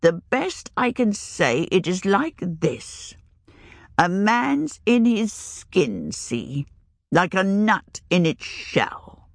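A woman voicing a shrewd, earthy old village witch who talks in a rustic, old-fashioned country way, her pitch raised and wavering. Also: sing-song, slow pace, a bit bright, no room sound, studio quality, full character voice. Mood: confiding. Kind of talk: audiobook reading.

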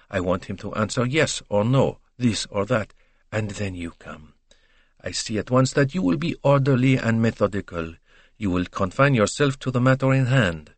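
A man voicing a shrewd, probing older male detective who questions slowly and deliberately. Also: mid-range voice, no room sound, lightly acted.

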